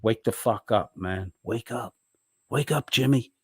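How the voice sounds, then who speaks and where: A man's voice: mid-range voice, unhurried, fairly bright tone, husky, no room sound, studio quality. A man ranting angrily at another streamer, swearing and berating. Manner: angry, profane, berating. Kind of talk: ranting monologue.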